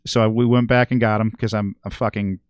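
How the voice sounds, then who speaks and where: A man's voice: lowish voice, flat delivery, fairly quick, clear, resonant tone, no room sound. Foul-mouthed rambling storyteller man. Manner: profane, rambling, swears constantly. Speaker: guest musician and regular. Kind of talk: casual podcast storytelling.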